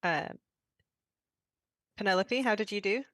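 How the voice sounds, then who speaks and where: A woman running a tabletop game as game master, upbeat and quick to laugh. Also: mid-range voice, a bit bright, dry recording.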